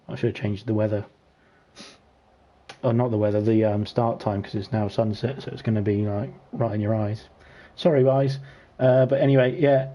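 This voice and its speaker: A British man hosting an online racing league, chatting and teasing the drivers while he commentates from a home gaming setup. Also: medium pitch. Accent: British English. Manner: chatty, teasing, lively when racing action picks up. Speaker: league race host and commentator. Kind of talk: casual sim-racing stream commentary.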